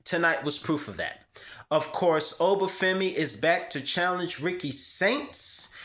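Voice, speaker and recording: A man's voice: fairly high pitch, expressive, measured pace, a bit bright. A young man hosting his own wrestling review vlog, talking casually and emphatically, repeating words to stress a point. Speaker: wrestling show host.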